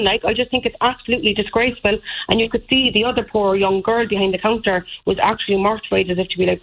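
A woman's voice: mid-range voice, flat delivery, very fast, few pauses. A woman in her thirties comes through a thin, tinny phone line. She tells her story in an indignant, rambling way, full of fillers. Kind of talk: telling a personal story.

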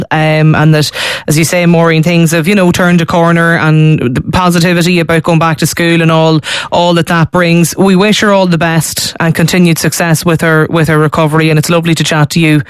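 High-voiced Irish radio host. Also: male voice, little pitch movement, fairly quick, clean tone, no echo. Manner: warm, encouraging interviewer with frequent fillers. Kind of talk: radio call-in presenting.

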